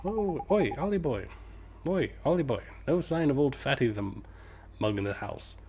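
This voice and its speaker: A man's voice: medium pitch, animated, moderate pace, a little mellow, husky. A man voicing a cheeky, bossy little male fairy with a blunt, slangy way of barking.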